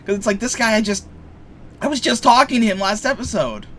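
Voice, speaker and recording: A man's voice: sits high, lively intonation, brisk, fairly bright tone, slight background noise. Joking young man commenting on gameplay. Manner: rambling, joking, swears freely. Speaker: let's play streamer.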